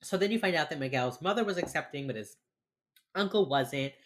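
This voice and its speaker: A woman's voice: deep voice, expressive. A woman co-hosting a podcast, recapping a TV episode in rambling casual chat full of fillers. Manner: rambling, filler-heavy, with quick mocking impressions. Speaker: podcast co-host.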